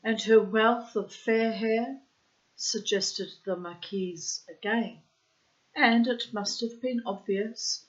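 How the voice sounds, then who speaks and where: A tired woman reads a classic short story aloud at a slow, careful pace. Her voice sits at a middling pitch. The recording is slightly dull and muffled. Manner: unhurried, careful reading with asides. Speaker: audiobook reader.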